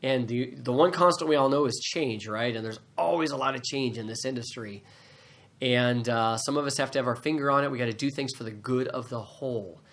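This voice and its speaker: A man's voice: mid-range voice, a little fast, a bit bright. Man talking shop to camera, easygoing. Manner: conversational, explanatory, frequent restarts. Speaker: regional manager. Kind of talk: casual talk to camera.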